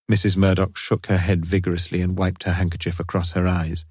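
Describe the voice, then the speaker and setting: A man narrating an audiobook in a steady, unhurried reading voice. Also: low voice, slightly rough, no echo, studio quality. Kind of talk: scripted narration.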